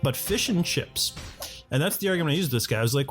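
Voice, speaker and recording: A man's voice: mid-range voice, quick pace, faint music behind. A man from North America giving casual gameplay commentary, thinking aloud and correcting himself as he goes. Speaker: let's play host.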